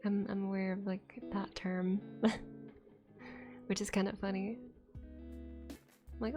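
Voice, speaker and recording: A woman's voice: medium pitch, little pitch movement, unhurried, pauses often, over music. A young woman streamer chatting casually late at night, rambling, swearing often and laughing between thoughts.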